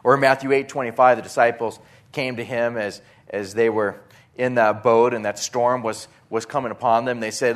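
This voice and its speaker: A man preaching a sermon in an earnest, halting way, with frequent restarts, reading scripture aloud. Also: mid-range voice. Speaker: pastor.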